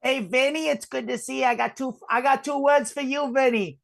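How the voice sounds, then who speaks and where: A woman's voice: high voice, fairly even intonation, brisk, vocal fry. A woman co-hosting a comedy livestream, bantering playfully and crudely. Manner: playful, crude, laughs easily. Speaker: co-host, contestant asker.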